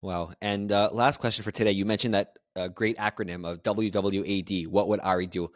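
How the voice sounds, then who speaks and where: A man hosting a podcast interview, asking measured, earnest questions. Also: on the low side, fairly even intonation, no echo, studio quality. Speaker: podcast host.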